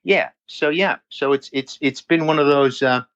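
A man's voice: a little high, normal speed, fairly bright tone, no room sound. An older man, a fitness trainer, chatting as a guest in a rambling, jokey, profane way. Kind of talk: casual chat. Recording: slightly dull lo-fi sound.

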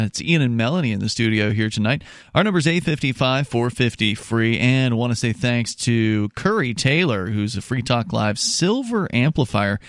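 A man's voice: on the low side, dry recording. Male call-in radio host, casual with fillers, close studio mic, no room sound. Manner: loose, conversational, with fillers and restarts. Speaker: radio talk show host. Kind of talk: casual talk radio with reads.

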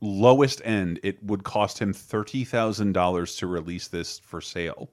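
A man co-hosting a podcast in relaxed, casual chat who laughs easily. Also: low voice, moderate pace. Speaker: podcast co-host.

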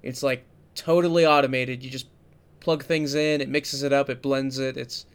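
A man's voice: medium pitch, flat delivery, normal speed, clean tone. A man co-hosting a podcast, chatting casually and telling amused anecdotes. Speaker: podcast co-host. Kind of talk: casual chat.

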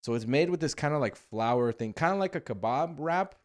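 A young man from Las Vegas hosting a casual podcast chat, telling travel stories with lively, swearing energy. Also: a little high, fairly quick. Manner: animated storyteller, swears freely. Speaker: podcast host.

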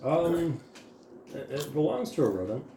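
A man runs a tabletop role-playing game as game master, his voice swinging lively up and down as he narrates. The room around him sounds roomy, with a faint hiss underneath. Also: on the high side, a little slow. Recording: roomy with faint background noise.

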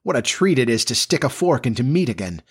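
Man doing a tired, hungry inventor gentleman, short insistent lines, mid-pitched voice. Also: very animated, quick pace, slightly rough. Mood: weary. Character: weary, hungry gentleman inventor back from a journey.

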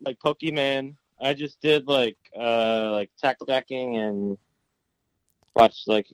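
A man's voice: mid-range voice, steady tone, takes it slowly, clear, resonant tone, no room sound. A young man in casual podcast chat, rambling and filling his talk with "like". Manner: rambling, filler-heavy with lots of "like". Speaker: podcast co-host.

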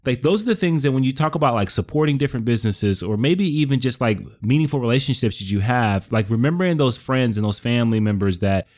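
A man's voice: medium pitch, lively intonation, fast, few pauses, a little mellow. Rambling man talking to podcast listeners. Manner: rambling, many likes, addresses listeners. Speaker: podcast co-host. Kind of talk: casual chat.

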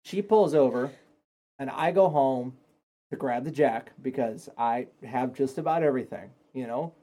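A man telling a story on a casual home podcast, swearing constantly and getting animated as he goes. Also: medium pitch, moderate pace. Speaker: streamer's partner. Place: home stream office.

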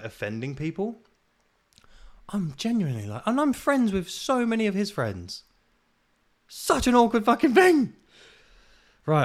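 A man hosting a solo podcast, ranting in a casual, exasperated way with plenty of swearing and self-deprecating laughs. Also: a little high. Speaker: podcast host.

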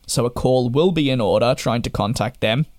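A man's voice: mid-range voice, moderate pace, darkish tone, dry recording, studio quality. A young man telling an exasperated story as a travel vlogger, speaking emphatically. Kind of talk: casual monologue to camera.

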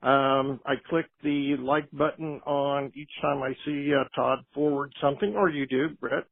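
A man's voice: mid-range voice, fairly even intonation, measured pace, gravelly, no room sound. A man leaving a long, rambling voice message for a podcast as a caller. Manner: chatty and long-winded. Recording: tinny phone line.

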